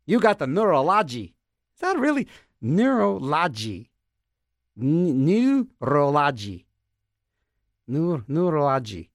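A man with a high, bouncy voice hosts a radio show and rambles in comic asides. He is goofy and self-mocking, and he keeps repeating words in silly voices. The sound is dry and close to the mic. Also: no room sound. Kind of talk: rambling comedic radio banter.

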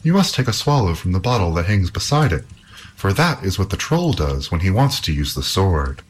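A man's voice: low-pitched, sing-song, moderate pace, slight background noise, voice pushed up. A man voicing a frightened young princess held captive in a storybook castle, speaking in a raised, alarmed voice. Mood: urging.

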